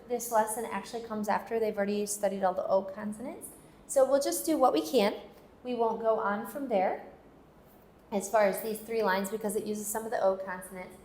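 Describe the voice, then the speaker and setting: A woman's voice: a little high, a little mellow. A woman teaching a phonics lesson, patiently modeling sounds and asking learners to repeat after her. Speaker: language teacher. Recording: echoey room with faint hiss.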